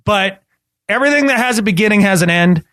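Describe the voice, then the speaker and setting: A high-pitched man co-hosts a casual sports podcast. He talks with emphatic, animated energy and doubles back on his words as he gets excited. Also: fast talker, no echo, clean studio sound. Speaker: podcast co-host.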